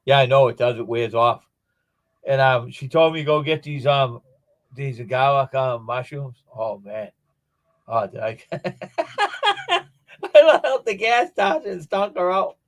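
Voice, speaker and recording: A man spinning long, wandering stories in a loose conversational way. His voice sits at an ordinary middle pitch. The sound is close and dry, with no room around it. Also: expressive, unhurried, pauses often, no room sound. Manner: rambling anecdotal storyteller. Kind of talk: casual chat.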